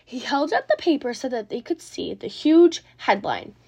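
A woman reading a children's book aloud as storyteller, in an expressive, dramatic way. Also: high-pitched, normal speed, creaky, breathy edge.

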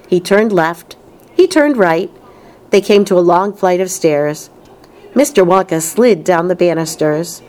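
A woman reading a children's novel aloud, unhurried and expressive. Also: fairly low pitch. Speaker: reader.

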